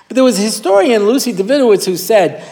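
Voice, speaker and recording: Male lecturer, high voice, long hall reverb, storytelling teacher. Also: animated, quick pace, mellow. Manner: storyteller who acts out quoted voices, with frequent restarts. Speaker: rabbi giving a weekly Torah class. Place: hall with a live audience.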